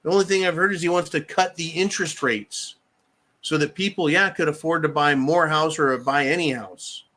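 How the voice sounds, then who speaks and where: An angry American man rants profanely in a livestream political rant, reading viewer comments as a political commentary host. His pitch is fairly high and his pace moderate, with a bright, forceful tone.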